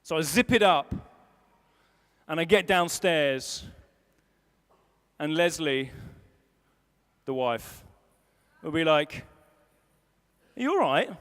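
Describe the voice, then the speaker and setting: A man's voice: a little high, takes it slowly, pauses often, a bit bright, clean tone. A man preaching a sermon, telling a self-deprecating story and acting out a grumpy mutter and his wife's fussing. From England. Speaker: pastor. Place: large school hall. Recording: long hall reverb.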